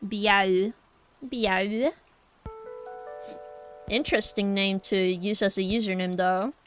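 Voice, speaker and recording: A woman's voice: mid-range voice, fairly even intonation, moderate pace, faint music behind. A young woman chatting casually with her live-stream viewers while she draws, apologetic and easygoing. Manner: chatty, apologetic, talks to chat while sketching. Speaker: art streamer.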